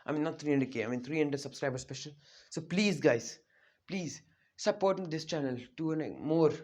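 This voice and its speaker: A man's voice: on the high side, moderate pace, darkish tone. A man casually retelling a fan-made story, rambling with many fillers and restarts. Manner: rambling, full of likes and restarts. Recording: roomy, dull lo-fi home recording.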